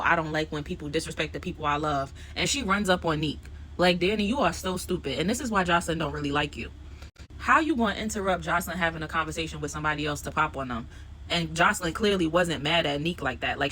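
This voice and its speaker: A woman's voice: low-pitched, pushed and bright, a little hiss or hum. A woman vlogger recapping a reality TV episode in a casual, slangy, conversational storytelling voice.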